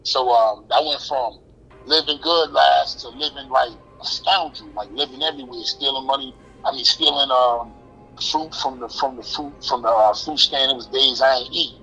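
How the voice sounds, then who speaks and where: A man's voice: mid-range voice, normal speed, gravelly, bright, forceful tone, lo-fi sound, a little hiss or hum. A man in his forties with a New York accent, telling life stories as an interview guest in loose street slang. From Brooklyn, New York. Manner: loose street slang, restarts, acts out quoted voices. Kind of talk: casual storytelling.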